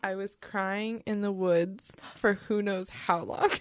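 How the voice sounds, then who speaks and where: A woman co-hosting a casual podcast, telling stories in an animated, giggly way. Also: medium pitch, takes it slowly, no room sound, clean studio sound. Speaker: podcast co-host. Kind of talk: casual chat.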